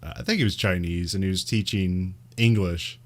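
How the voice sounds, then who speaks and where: American man, podcast co-host, low voice, rambling casual chat, many fillers, laughs often. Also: steady tone, moderate pace.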